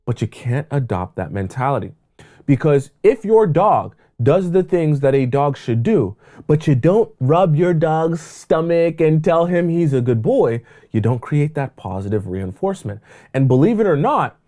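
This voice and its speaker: A man's voice: on the high side, very animated, moderate pace, mellow. A man giving dating advice as a coach, emphatic and repetitive in a preachy way. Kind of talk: advice monologue to camera.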